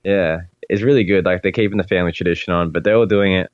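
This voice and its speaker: A man's voice: deep voice, fast talker, dry recording, muffled recording. A young man in his twenties, a musician guest, chatting easily and saying "like" a lot. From Australia. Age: 20s. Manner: relaxed, lots of "like", easygoing. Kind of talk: casual interview chat.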